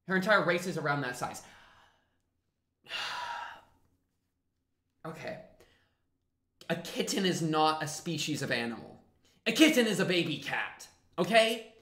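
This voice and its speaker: Male reaction host, bright slightly high voice, loose rambling commentary, echoey room. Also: fairly quick. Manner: rambling, animated and jokey, then winds down to a quieter reflective tone. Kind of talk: casual commentary to camera.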